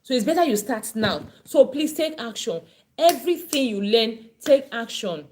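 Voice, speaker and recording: A woman's voice: a little high, lively intonation, moderate pace, a little mellow. A woman teaching a parenting class online, earnest and pleading, often repeating herself.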